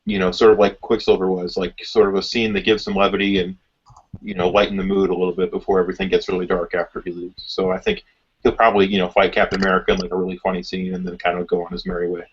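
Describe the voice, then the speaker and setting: Fast-talking low-voiced man. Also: flat delivery, breathy edge. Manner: rapid, lots of "like" fillers. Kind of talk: casual fan discussion. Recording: dull lo-fi audio.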